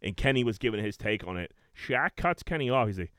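A young man hosting a casual chat, telling stories in an animated way and swearing a lot. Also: lowish voice, fairly quick, few pauses, no echo, clean studio sound. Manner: animated storytelling, heavy swearing and "dude".

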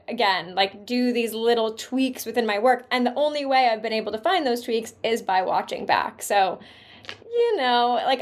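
A woman guest on a podcast, talking fast and animatedly about her own voice. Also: fairly high pitch. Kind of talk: casual chat.

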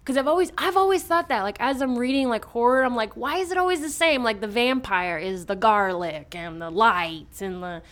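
Chatty woman retelling a comic. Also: on the high side. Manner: animated, puts on quick character voices; chatty, lots of fillers and restarts. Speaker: podcast co-host recapping a comic. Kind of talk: casual chat.

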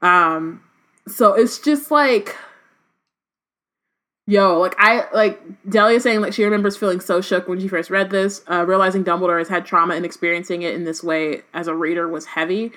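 A woman's voice: on the low side, fairly even intonation, normal speed, a bit bright. A woman co-hosting a podcast, chatting casually about a book and reading passages aloud, with lots of "like" fillers. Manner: chatty, heavy use of "like" fillers. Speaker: podcast co-host. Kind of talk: casual book-discussion chat.

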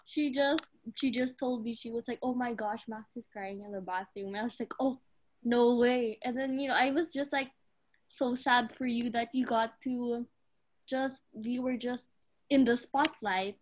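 Young woman, slightly high voice, giggly co-host in casual chat. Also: fairly even intonation, measured pace. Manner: giggly, reacts with laughs. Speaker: podcast co-host.

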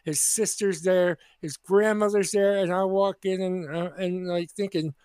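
A man's voice: high voice, fairly even intonation, moderate pace, hardly any pauses, a little mellow, smooth, no room sound. A man co-hosting a podcast, telling a long story in casual chat and often restarting his sentences. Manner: rambling, full of restarts, acts out quoted voices. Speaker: podcast co-host.

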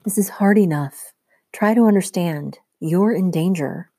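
A woman's voice: lowish voice, moderate pace, dark tone, slightly rough. A woman voicing a tense, protective mother who speaks with urgent pleading.

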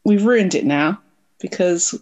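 A middle-aged woman co-hosting a casual family podcast, talking in an animated, laughing, defensive way. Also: lowish voice, measured pace. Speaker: podcast co-host and mother.

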